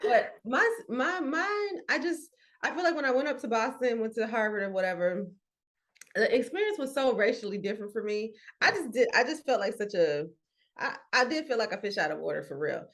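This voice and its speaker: A woman's voice: fairly high pitch, brisk. A woman from Atlanta with a Southern US accent, co-hosting a casual podcast and telling a story with frequent laughter. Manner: animated storyteller, laughs often. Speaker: podcast co-host.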